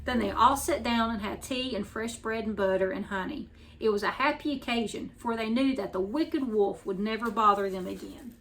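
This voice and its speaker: Storyteller host reading a children's picture book; woman, slightly high. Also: moderate pace, fairly bright tone, slight background noise.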